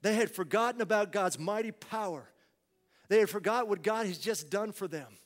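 A man's voice: high voice, normal speed, big-room sound. A man preaching a sermon, asking the congregation rhetorical questions and acting out people's complaints.

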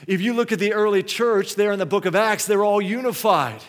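A man's voice: high voice, a little fast. A man preaching a sermon, telling a story and putting questions to the congregation. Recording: long hall reverb.

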